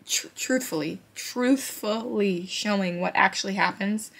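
A woman's voice: medium pitch, measured pace, gravelly, a bit bright. A woman book vlogger talking casually and candidly, swearing now and then, and reading passages aloud with feeling.

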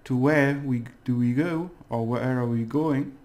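A man's voice: mid-range voice, measured pace, a little mellow. A man teaching a casual video lesson, rambling and hesitant, with fillers and small jokes. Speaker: language teacher.

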